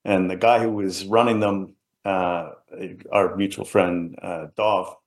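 A middle-aged man from around Liverpool, an interview guest telling a personal story in an earnest, halting way that often trails off quietly. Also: sits low, fairly even intonation. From England, around Liverpool.

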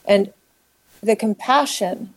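A middle-aged woman, a podcast guest, recounting a painful personal story with halting restarts and fillers. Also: medium pitch. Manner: halting, with many restarts and fillers, acting out quoted voices.

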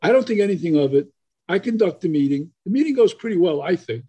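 Older man with a husky, mellow voice. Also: sits high, fast talker. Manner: animated storyteller, many fillers and restarts. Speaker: guest. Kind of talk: storytelling in a podcast interview.

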